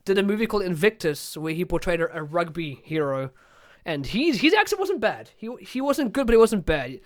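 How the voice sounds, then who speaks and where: A man from South Africa with a South African accent, hosting a casual podcast interview, chatty and quick to laugh, often repeating words as he talks. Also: sits high, very animated. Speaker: podcast host.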